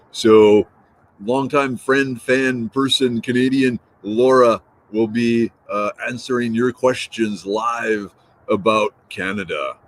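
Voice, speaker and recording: A middle-aged man in his fifties hosts a casual early-morning live stream, greeting viewers and answering their comments. He talks in a relaxed, playful way, repeats words and drifts between thoughts. His voice sits in an ordinary middle pitch. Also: rough recording.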